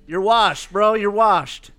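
A podcast host putting on a relaxed comedian with a mock southern drawl, roasting people with jokes and frequent laughs. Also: male voice, sits high, no room sound, exaggerated voice.

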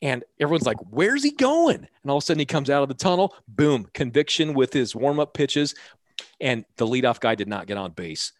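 Fast-talking male mental performance coach. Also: medium pitch, no room sound, clean studio sound. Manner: lively anecdotes, quickly acting out both sides of dialogue. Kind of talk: storytelling interview answers.

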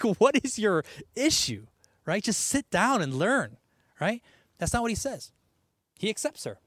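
A man preaching a sermon in a conversational, animated way, with asides and laughs. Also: sits high, dry recording, clean studio sound. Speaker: pastor.

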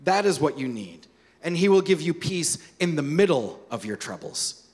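Male pastor, sermon delivery, higher voice, long hall reverb. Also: big pitch swings, normal speed. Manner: storytelling, drops soft and quiet for key points.

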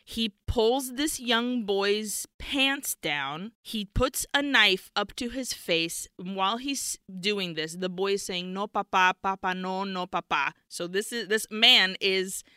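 A woman with a medium-pitched, animated voice speaks slowly with few pauses, her tone pushed, bright, clear and resonant. Co-hosting a podcast in clean studio sound with no room noise, she recaps a film scene by scene. She's candid and casual, going into detail with nervous laughs.

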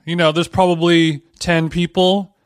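Podcast co-host, male, hungover, wry and profane; smooth voice, dry close sound. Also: fairly high pitch, flat delivery, unhurried, no room sound. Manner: joking, wry, swears casually. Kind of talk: casual banter.

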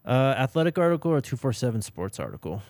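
Male sports podcast co-host, mid-pitched, relaxed casual chat, dry close sound. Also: quick pace, no echo. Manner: relaxed, with many "um" and "yep" replies.

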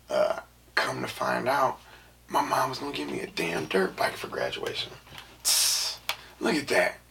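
A man's voice: mid-range voice, vocal fry, a bit bright, slight background noise. A young man from San Francisco telling a rambling personal story in casual talk, full of filler phrases and half-whispered asides. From San Francisco, USA.

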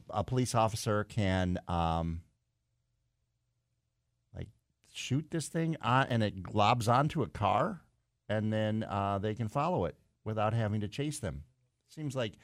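A man's voice: mid-range voice, dry recording, clean studio sound. Rambling male talk radio host. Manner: rambling, thinks aloud with many fillers. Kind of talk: casual call-in radio talk. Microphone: studio microphone.

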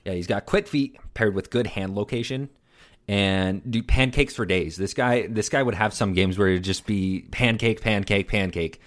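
A man co-hosting a casual podcast chat, excitable and gushing, often repeating himself as he gets carried away. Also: fairly low pitch, moderate pace. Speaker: podcast co-host.

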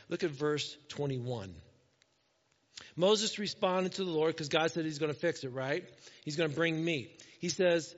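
A man's voice: high voice, normal speed, long reverb tail, dull audio. A male pastor preaching a conversational sermon, acting out the voices of the people he quotes.

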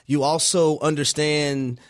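A man's voice: a little high, little pitch movement, takes it slowly. A man co-hosting sports talk radio, emphatic and opinionated. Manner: emphatic, opinionated, starts with "listen". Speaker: radio co-host, former player.

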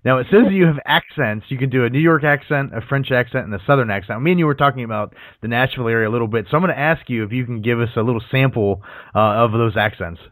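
A man's voice: mid-range voice, quick pace, fairly bright tone, no echo. A man hosting an interview in a playful, joking way. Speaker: interview host. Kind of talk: casual interview chat.

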